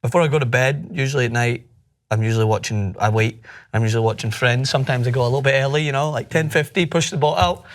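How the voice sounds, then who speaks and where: A man's voice: medium pitch, fast. A man co-hosting a sports news chat, giving blunt, indignant opinions with frequent restarts. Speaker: co-host. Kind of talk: casual news commentary.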